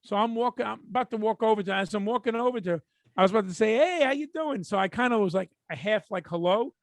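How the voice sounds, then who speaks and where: A man, co-hosting a podcast and telling profane, animated stories in casual chat. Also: sits high, racing, vocal fry, no room sound. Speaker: podcast co-host.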